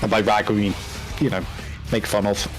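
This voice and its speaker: A man's voice: fairly low pitch, flat delivery, brisk, over music, low-quality recording. Chatty British man hosting a stream. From United Kingdom. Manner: chatty, laughing, apologetic. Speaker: stream host. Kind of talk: casual stream chat.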